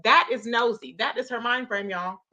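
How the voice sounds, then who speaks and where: A woman's voice: fairly high pitch, normal speed, pushed and bright, muffled recording. A woman hosting a casual gossip livestream, reading chat and reacting with lots of exclamations. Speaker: livestream host.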